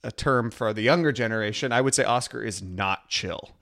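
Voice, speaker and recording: A man's voice: fairly low pitch, a little fast, gravelly, a bit bright. A man co-hosting a casual podcast, talking things through thoughtfully with frequent restarts. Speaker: podcast co-host. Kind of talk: casual chat.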